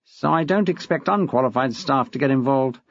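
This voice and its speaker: A man voicing a smug, testy middle-aged head teacher with a husky, gravelly voice, in a dull, dry recording. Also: medium pitch, moderate pace, no echo, natural voice. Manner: smug, acid.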